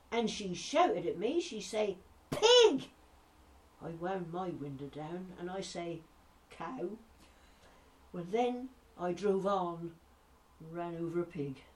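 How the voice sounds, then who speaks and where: A woman's voice: lowish voice, a little mellow, far from the mic. A woman voicing a chatty old Norfolk countrywoman with a broad rustic accent, spinning jokey yarns.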